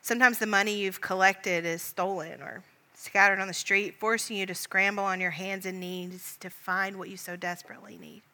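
A woman leading a guided Christian prayer meditation in a gentle, calm voice, speaking directly to the listener as "you". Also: mid-range voice, moderate pace, few pauses, big-room sound. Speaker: prayer leader.

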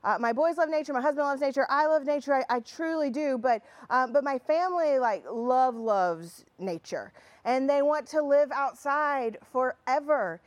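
A woman's voice: high voice, lively intonation, moderate pace, no echo. A woman in her thirties giving a conversational sermon, telling stories with plenty of fillers and restarts and some self-deprecating humor. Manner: chatty storytelling with many fillers and restarts. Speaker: pastor.

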